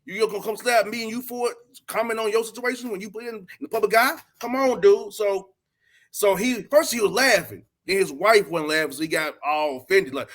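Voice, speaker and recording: A man's voice: high voice, a little fast, a bit bright. A man from Atlanta, a podcast host talking as a guest in a casual chat, blunt and emphatic, with streetwise slang. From Atlanta, Georgia, US.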